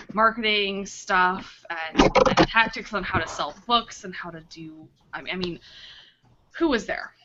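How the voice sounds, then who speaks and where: A woman author hosting a casual video chat, telling a rambling, animated story with many restarts. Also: medium pitch. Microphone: video call. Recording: dull lo-fi video call audio.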